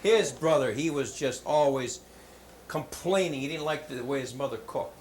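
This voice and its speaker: A man giving a motivational talk to schoolchildren, telling jokes in an animated, hammy storytelling manner in a school hall. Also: medium pitch, moderate pace. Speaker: motivational speaker. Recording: roomy hall with faint background noise.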